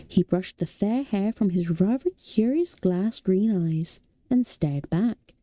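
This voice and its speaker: A woman reading a novel aloud as a soothing bedtime read-aloud, softly and slowly. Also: mid-range voice, animated. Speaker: audiobook reader.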